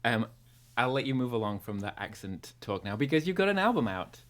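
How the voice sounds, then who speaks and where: A man's voice: medium pitch, very animated, fairly quick. A British man with an accent drifting slightly North American, hosting a casual livestream chat in a jokey, easygoing way. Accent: British English, drifting slightly North American. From Britain. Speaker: livestream host.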